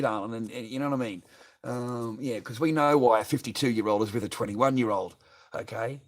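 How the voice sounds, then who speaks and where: Australian man, livestreamer, middle pitch, blunt, profane, combative, answering chat comments. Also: brisk. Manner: reads viewer comments aloud and answers them. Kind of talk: ranting live stream chat.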